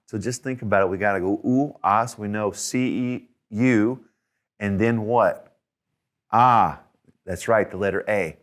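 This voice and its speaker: Male tutor, lowish voice; patient step-by-step explainer who repeats sounds. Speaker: language tutor. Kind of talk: spelling lesson.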